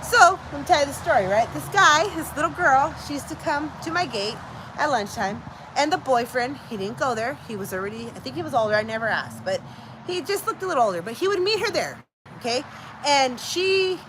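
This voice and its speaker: A woman's voice: sits high, fairly quick, noisy background. A middle-aged woman hosting a casual chat, telling a story and acting out the voices of the people in it, with bits of Spanish mixed in. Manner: animated, acts out quoted voices, mixes in Spanish. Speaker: host.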